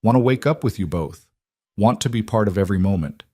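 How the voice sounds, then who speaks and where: A steady, earnest man in his forties speaks in a low, plain voice, as the narrator plays him. The reading is dry and close. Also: a little fast, no room sound.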